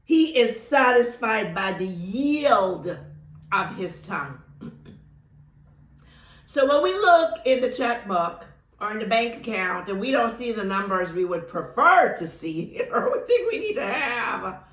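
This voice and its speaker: A woman giving a spiritual teaching talk, whose first language is Thai, speaking emphatically, slowing down on key words and laughing often. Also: fairly high pitch, sing-song, fairly bright tone. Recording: roomy echo.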